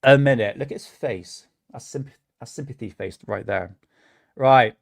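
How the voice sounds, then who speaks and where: A man's voice: mid-range voice, moderate pace, gravelly, noisy background. A man with a British accent hosting a casual livestream, rambling, swearing often and laughing at himself. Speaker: livestream host.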